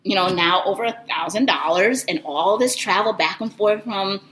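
Woman, personal storytelling, animated, expressive, conversational, medium pitch. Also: moderate pace, slight background noise, poor audio.

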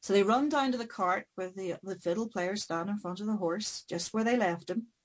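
A woman's voice: mid-range voice, normal speed, poor audio. Woman telling a folk tale. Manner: dramatic, varied pacing. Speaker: storyteller.

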